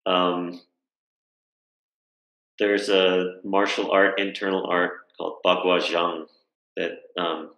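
A man's voice: low voice, vocal fry, pushed and bright, echoey room, rough recording. A man speaking as a guest in a video-call conversation, telling a reflective story in a thoughtful way, with fillers and frequent rhetorical questions.

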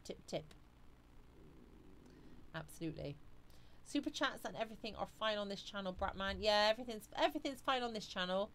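A woman's voice: mid-range voice, fairly bright tone, slight background noise. A woman hosting a live stream, chatting casually and reading viewer comments aloud.

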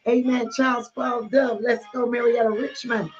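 Woman bishop, slightly high voice, exuberant, greeting viewers by name; dull lo-fi stream with music behind. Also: little pitch movement, moderate pace. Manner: exuberant, calls out names, laughs often. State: teary and emotional. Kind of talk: livestream greeting to online congregation.

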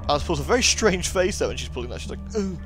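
A man's voice: a little high, big pitch swings, very fast. Chatty man commentating a game. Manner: chatty, rambling, jokey asides. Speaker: let's play host. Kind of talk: casual gameplay commentary. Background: game music.

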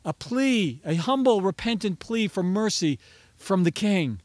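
A man's voice: sits high, expressive, measured pace, darkish tone, no echo. A man preaching a sermon as pastor, earnest and rising to emphatic pleading on key phrases.

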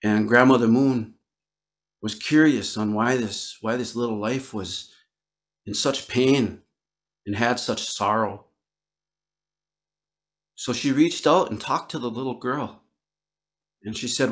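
A man from Northern Wisconsin telling a traditional story aloud, slow and gentle, with repetitions and pauses. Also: mid-range voice. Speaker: Ojibwe storyteller. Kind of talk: oral storytelling. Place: online virtual event.

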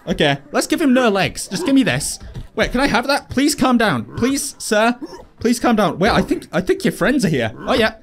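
A young man hosting a virtual reality game video, commentating excitedly and chatting playfully with his opponents. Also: sits high, normal speed. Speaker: gaming video host. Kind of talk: VR gameplay commentary.

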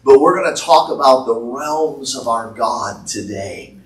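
A man preaching a prophetic sermon from the pulpit, slowly declaiming words he says he heard from the Lord. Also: medium pitch, lively intonation. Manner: slow, declaiming prophecy in the Lord's voice with rising intensity. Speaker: pastor. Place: church sanctuary. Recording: echoey church from far off.

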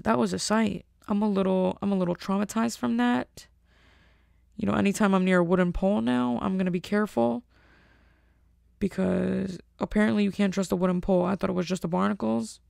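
Gravelly-voiced woman telling a story. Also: medium pitch, no echo, clean studio sound. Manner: rambling, animated, restarts. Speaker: podcast host. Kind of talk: casual storytelling monologue.

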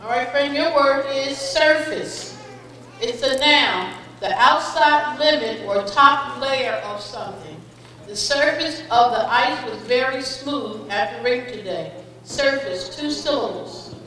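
A woman with a high, bright voice announces spelling words at an unhurried pace, spelling out each definition and example sentence carefully. She sounds far from the microphone in a big echoey hall with a long reverb tail and faint background noise. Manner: slow, deliberate, encouraging, calls contestants "friend". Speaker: spelling bee pronouncer. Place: school auditorium.

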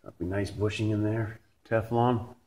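Canadian man, deep voice, casual swearing shop talk, noisy garage. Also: steady tone, moderate pace. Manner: blunt, joking, swears casually. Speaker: transmission rebuilder. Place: transmission repair shop.

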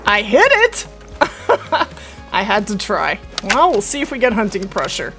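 A woman hosting her own gaming channel, chatting and reacting out loud as she plays a hunting game. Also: mid-range voice, a little slow, music in the background. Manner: chatty, excitable, talks to herself while playing. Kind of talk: casual gameplay commentary.

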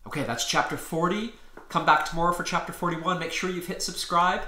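Man reading a kids story out loud, bright crisp voice, echoey room. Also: on the high side, fairly even intonation, a little fast. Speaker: author reading his book. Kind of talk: storybook read-aloud narration.

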